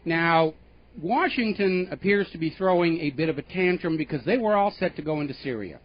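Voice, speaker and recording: Man, radio talk show host, political commentary, emphatic, indignant, sarcastic, slightly high voice, muffled lo-fi audio. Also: animated, brisk.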